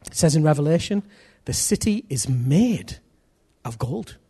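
A middle-aged preacher delivers a sermon with a somewhat high, husky voice. He talks animatedly, acting out other people's voices and dropping from loud to hushed. His delivery swings between urgent and quiet. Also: sing-song, a little slow.

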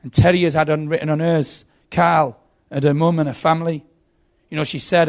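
A man's voice: on the high side, brisk, creaky. A man preaching a sermon, telling stories with dramatic buildups. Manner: animated storytelling, dramatic buildups.

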